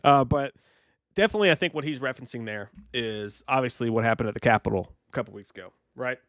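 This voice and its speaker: A man co-hosting a casual podcast chat, excitable and profane, full of fillers and restarts. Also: medium pitch, quick pace, no echo, studio quality. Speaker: podcast co-host.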